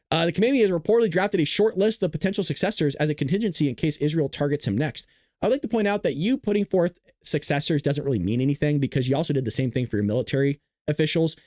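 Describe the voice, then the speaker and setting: A man with a fairly high voice hosts a live-streamed political commentary show, bouncing between excitable play-by-play, jokes and combative jabs at his chat. He talks close to the microphone in a dry, deadened sound with no room echo. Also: quick pace. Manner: excitable, joking and combative, talking straight to chat. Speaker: livestream news host.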